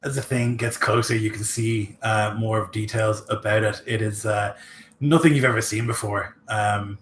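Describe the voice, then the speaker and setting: A man's voice: fairly low pitch, normal speed, reverberant, a little hiss or hum. Easygoing male game master narrating. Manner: relaxed, many fillers.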